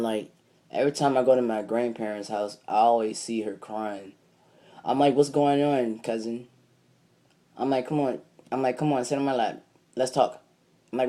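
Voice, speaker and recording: A man's voice: mid-range voice, dark tone. A young man vlogging a casual, rambling story, swearing freely and retelling it line by line. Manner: rambling, profane, retells with "I'm like".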